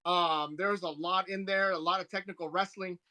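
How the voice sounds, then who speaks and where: A man with a bright, lifted voice, a touch higher than most, talking casually on a podcast. He rambles eagerly, restarting sentences as his excitement runs ahead of him. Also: fairly quick. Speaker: podcast co-host. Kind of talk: casual wrestling podcast chat.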